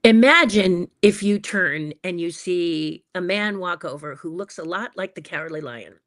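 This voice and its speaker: A woman guest on a podcast, telling stories in an animated, dramatic way and acting out the people in them. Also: fairly low pitch, normal speed. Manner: animated, dramatic storyteller who acts out quotes. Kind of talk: podcast storytelling.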